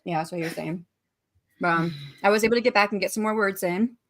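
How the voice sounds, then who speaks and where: A woman in her forties hosts a relaxed writing livestream in a chatty, easygoing way. She greets viewers by name and reads their chat messages aloud between bits of talk. Her voice sits at an ordinary middle pitch. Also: quick pace. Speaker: livestream host.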